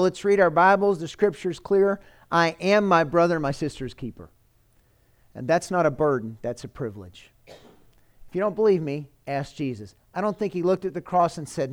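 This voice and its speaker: A man preaching a sermon as pastor, earnest and pleading, lifting and dropping his voice for emphasis. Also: high-pitched.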